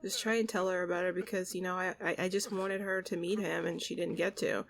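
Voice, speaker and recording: A woman voicing a gentle young man who is grieving his mother, speaking softly and haltingly in her own everyday voice. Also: on the low side, steady tone, creaky, background noise. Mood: sad.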